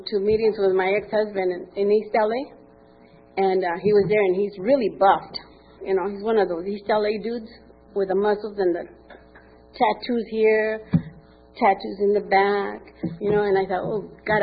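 Older woman, candid testimony at a meeting, vivid quoted dialogue, tinny lo-fi line, faint hiss. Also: mid-range voice. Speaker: speaker sharing at a recovery meeting. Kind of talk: personal testimony. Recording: tinny phone-like recording with faint noise.

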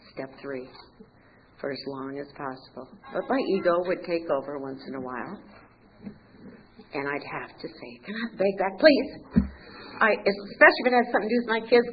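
A woman's voice: low-pitched, muffled recording, slight background noise. A woman giving a personal recovery testimony, telling her story candidly with wry humor and acting out the conversations. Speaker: recovery speaker.

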